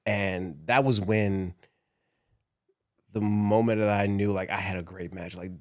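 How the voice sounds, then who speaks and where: A man's voice: deep voice, steady tone, unhurried, no echo, clean studio sound. A man, a former wrestler, recalling his career in a casual interview, laughing often as he talks. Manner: laughs often, emotional recollection. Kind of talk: casual storytelling.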